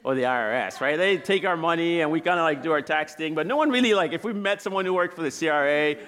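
A man's voice: a little high, expressive, fast talker, fairly bright tone. A man in his thirties preaching in a church as a guest speaker, telling personal stories in a casual, chatty way and laughing as he goes. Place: church sanctuary.

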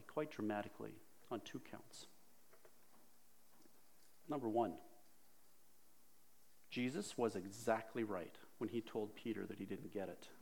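A man's voice: fairly low pitch, gravelly, a little mellow. A man preaching a sermon in a conversational way, asking his listeners questions. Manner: conversational, asks the congregation questions. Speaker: pastor.

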